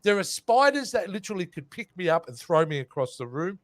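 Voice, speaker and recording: An Australian man co-hosting a casual podcast, enthusiastic and quick to laugh. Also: sits high, sing-song, no echo. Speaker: podcast co-host.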